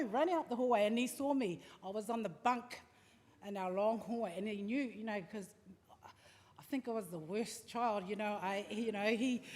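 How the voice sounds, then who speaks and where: Animated New Zealand woman in a hall. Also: fairly high pitch. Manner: animated, acts out the story with lively asides. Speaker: family member speaking at a memorial service. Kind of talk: personal storytelling. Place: large hall at a live-streamed service. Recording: echoey hall with faint background noise.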